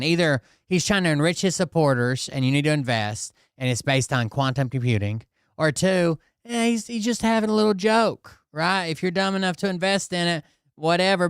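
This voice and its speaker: A man hosting a casual talk show, telling a story in a profane, animated, exasperated way. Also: on the high side, a little fast, clean tone, no room sound, studio quality. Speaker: host.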